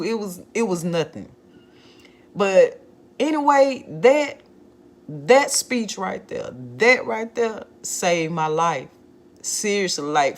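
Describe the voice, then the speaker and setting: A woman vlogger candidly telling a personal story in a conversational monologue, often using "like" as a filler. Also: fairly low pitch.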